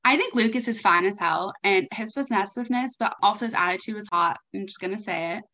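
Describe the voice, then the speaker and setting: A woman's voice: mid-range voice, fairly bright tone. A young woman co-hosting a podcast, chatting casually and gushing about a book, with "like" in nearly every sentence. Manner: gushing, chatty, heavy use of "like". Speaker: podcast co-host.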